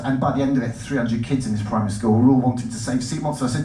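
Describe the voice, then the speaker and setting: A man giving an animated stage talk to an audience, jumping between stories and cutting himself off mid-word. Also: mid-range voice, very fast, hardly any pauses, some chatter behind, slight background noise. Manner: animated, jumpy, self-interrupting. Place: lecture hall. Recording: roomy hall, mic at a distance.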